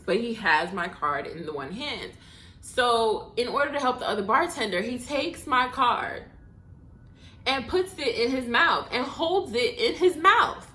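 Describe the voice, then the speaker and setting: Animated woman telling a story, bright tone. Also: medium pitch. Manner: animated, swearing, mock-exasperated asides. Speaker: podcast host. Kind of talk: casual storytelling monologue. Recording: echoey room.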